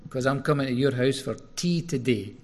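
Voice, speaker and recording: Man voicing Jesus, loud urgent call, higher and louder than his preaching voice, husky. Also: moderate pace, close to an everyday voice. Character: Jesus calling a man down from a tree.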